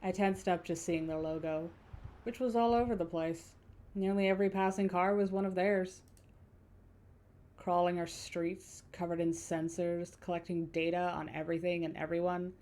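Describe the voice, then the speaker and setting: Mellow-voiced woman streamer. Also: lowish voice, little pitch movement, normal speed. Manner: self-deprecating asides. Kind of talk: game let's play with read-aloud narration.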